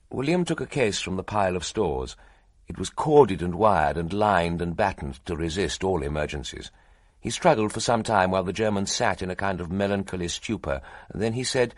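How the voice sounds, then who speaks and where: A man narrating an audiobook in a measured, expressive storytelling manner. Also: low voice, no room sound, clean studio sound. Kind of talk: scripted narration.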